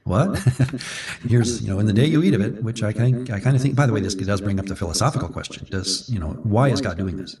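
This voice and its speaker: A man's voice: lowish voice, animated, a little fast, darkish tone. Rambling man discussing scripture, far from mic. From Minnesota. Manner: rambling, chatty storyteller with self-corrections. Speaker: Bible study co-host. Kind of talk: conversational Bible discussion.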